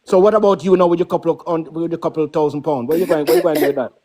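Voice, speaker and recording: A man's voice: on the high side, steady tone, racing, mellow. A middle-aged man with a Caribbean accent, talking emphatically as a guest on a casual live stream, often checking in with "yeah?" and "right?".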